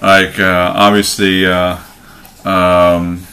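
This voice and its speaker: A man's voice: deep voice, extremely slow. A man chatting casually about a movie, acting out scenes in different voices. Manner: animated, acts out scenes in voices. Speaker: movie reviewer.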